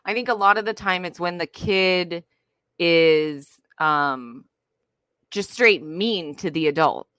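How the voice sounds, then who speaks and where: A woman's voice: on the low side, slow pace, a bit bright, smooth, no room sound. A woman giving earnest parenting advice in casual conversation, with many fillers like "um" and "like".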